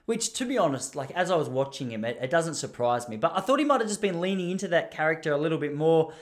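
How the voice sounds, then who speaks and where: A young Australian man hosts a podcast alone, telling a long, loose story. His voice sits a little high for a man. He talks in animated bursts and keeps stopping to restart his sentences. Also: quick pace. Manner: rambling, animated, self-interrupting with restarts. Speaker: podcast host. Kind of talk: casual storytelling monologue.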